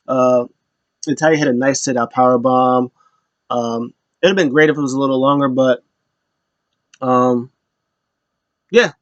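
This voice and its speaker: A man recaps wrestling in a loose, rambling way, acting out the lines people said. His voice sits at a middling pitch. The sound is dry, with no room echo. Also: a little slow, pauses often. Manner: loose, rambling retelling that acts out quotes.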